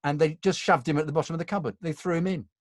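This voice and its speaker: A man's voice: a little high, steady tone, racing, no echo, studio quality. Rambling older man telling stories. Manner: rambling, with many restarts and self-corrections. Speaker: actor, interview guest. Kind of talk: casual anecdotal chat.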